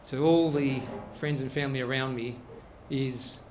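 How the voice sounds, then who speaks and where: A man's voice: mid-range voice, steady tone, moderate pace, hardly any pauses. A man hosting a comedy show, telling jokes in a hesitant, casual way with restarts. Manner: hesitant storyteller, restarts and fillers. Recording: roomy echo, faint noise.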